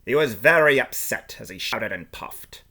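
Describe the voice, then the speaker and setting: A man performing a rhyming storybook aloud in the first person, playful and expressive. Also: medium pitch, moderate pace.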